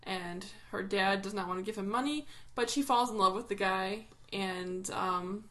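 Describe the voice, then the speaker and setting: A woman co-hosting a casual podcast chat, rambling and pausing often with ums. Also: mid-range voice, pushed and bright. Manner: rambling, hesitant with many ums. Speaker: podcast co-host.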